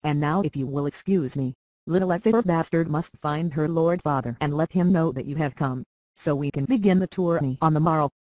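A reader voicing a proud, hurt young noblewoman who pleads softly and bites back sharply, in an audiobook. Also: medium pitch, brisk, no echo, natural voice. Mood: cutting. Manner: pleading, then sharply biting. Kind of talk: audiobook character reading.

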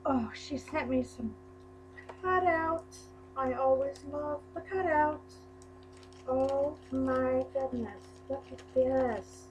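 A woman vlogger opens a package of craft supplies, gushing and exclaiming over every piece. She talks slowly in a slightly high voice. A faint hum sits under the recording. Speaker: crafting YouTuber. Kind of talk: unboxing a mail package on camera.

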